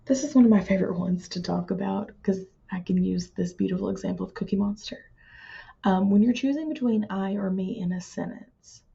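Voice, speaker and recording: A woman with a husky, breathy voice and a gravelly edge explains grammar to her writing students, patient and plain-spoken. Her tone is mellow and dark, and she stretches out words she wants to stress. The recording sounds dull and lo-fi. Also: medium pitch. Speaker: writing teacher. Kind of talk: recorded classroom lesson.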